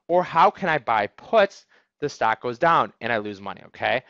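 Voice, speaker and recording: A man's voice: on the high side, lively intonation, brisk, fairly bright tone, no room sound, lo-fi sound. A man teaching an online trading webinar, talking energetically and emphatically and asking "okay?" after nearly every point. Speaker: trading instructor. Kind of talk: webinar lecture. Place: office.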